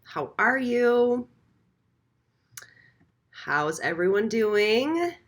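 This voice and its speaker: A woman's voice: a little high, big pitch swings, extremely slow. A woman hosting a live stream, chatting casually and greeting viewers one by one by name. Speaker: beauty channel host.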